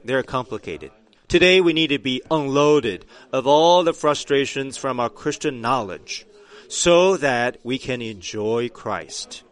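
Slow, emphatic male preacher. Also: mid-range voice, lively intonation. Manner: slow, emphatic preaching that swells to loud cries. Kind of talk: sermon.

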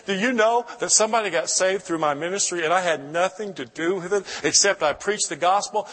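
A man's voice: sits high, a little fast, hardly any pauses, a bit bright. A middle-aged man, preaching as a guest in church and telling an emotional testimony with many restarts. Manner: emotional, storytelling, with frequent restarts. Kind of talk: sermon testimony. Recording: long hall reverb.

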